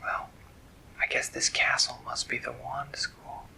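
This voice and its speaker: A man's voice: mid-range voice, level tone, unhurried, creaky, heavily acted, low-quality recording. Winella, a little girl whispered by a man. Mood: curious. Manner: soft, hushed bedtime delivery. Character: cheerful little girl with a new wand. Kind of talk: whispered role-play.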